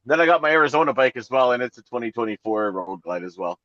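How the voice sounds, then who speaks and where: A man's voice: medium pitch, lively intonation, fast, a bit bright, dry recording, highs cut off. A man co-hosting a podcast, a truck driver talking about motorcycles in easygoing casual chat.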